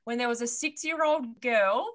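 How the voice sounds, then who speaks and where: Bright-voiced woman telling a story. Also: fairly high pitch, moderate pace. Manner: laughs often, wry asides. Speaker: podcast co-host telling a story. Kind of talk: casual storytelling chat.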